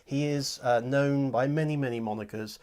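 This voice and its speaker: A man from England hosting a casual studio chat, jokey and quick to laugh. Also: medium pitch, steady tone, a little mellow, smooth. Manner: jokey, chatty, laughs easily. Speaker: host and audiobook producer. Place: recording studio.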